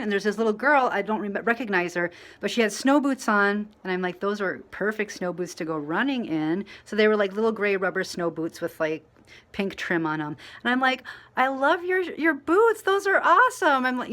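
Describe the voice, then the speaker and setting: A woman vlogging casually to camera, telling a rambling story full of fillers and restarts, mostly quiet and low, getting louder when she acts out what people said. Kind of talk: casual storytelling to camera while dyeing her hair.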